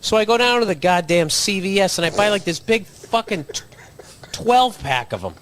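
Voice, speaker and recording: Man, podcast host, comedic rant, profane, cocky, fairly high voice. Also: lively intonation, moderate pace, fairly bright tone. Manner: crude, profane, swaggering, laughing at his own jokes.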